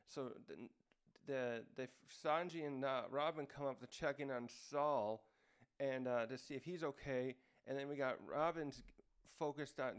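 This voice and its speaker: This manga review host speaks in a clean, mid-range voice. He recaps casually and off the cuff, wandering through his points with lots of fillers and restarts.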